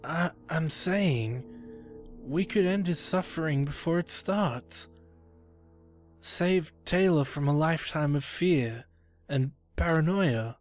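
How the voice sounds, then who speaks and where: A man's voice: on the high side, expressive, slow pace, faint music behind, voice pushed up. A man voicing a frightened, unhinged young man who stammers and pleads, in a creepypasta reading. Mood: pleading. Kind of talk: creepypasta narration.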